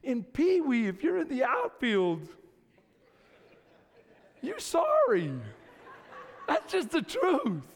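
Very high-voiced preaching man in reverb. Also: slow pace, long pauses. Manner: animated storytelling, calling out to the congregation. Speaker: pastor. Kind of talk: sermon. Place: church sanctuary with congregation. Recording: long reverb of a large hall.

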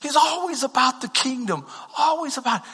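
A man preaching a sermon as a pastor, telling stories with animated, emotional delivery and quoting others in softer voices. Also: very high voice, moderate pace, slightly rough, long reverb tail. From Texas.

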